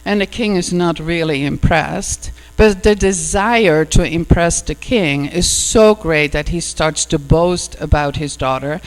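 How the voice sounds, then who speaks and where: A woman's voice: deep voice, a little slow, few pauses. A woman minister giving a sermon and retelling a fairy tale in a conversational storytelling way, full of "you know" asides. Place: church hall. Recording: echoey hall with mains hum.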